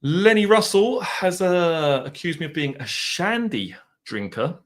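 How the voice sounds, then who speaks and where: A man's voice: high voice, expressive, a little slow. Chatty Essex man hosting a livestream. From Essex, England. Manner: chatty, self-deprecating, muses aloud. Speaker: livestream host. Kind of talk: casual livestream chat reading comments. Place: home.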